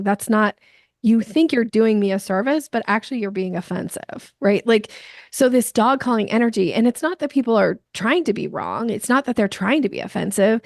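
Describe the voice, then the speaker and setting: A woman guest on a podcast, a sales coach explaining her ideas in lively conversation with playful examples. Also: on the high side, normal speed, gravelly, no room sound, studio quality.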